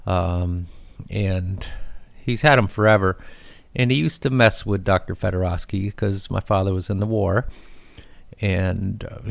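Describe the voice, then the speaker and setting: A man's voice: lowish voice, vocal fry, no echo. A middle-aged man hosting a radio show, telling rambling family stories with many fillers and restarts.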